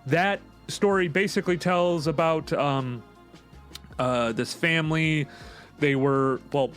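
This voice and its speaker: A man's voice: a little high, slow, fairly bright tone, soft background music. A man co-hosting a podcast, talking in a casual, profane, rambling way and laughing often. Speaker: podcast co-host. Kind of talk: casual chat.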